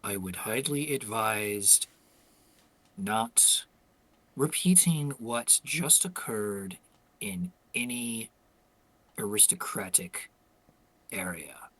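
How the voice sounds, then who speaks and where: A man voicing a stern, cold-eyed male warrior in a tabletop role-play, speaking low, slow and quietly. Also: expressive, heavily acted, rough recording. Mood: cold warning.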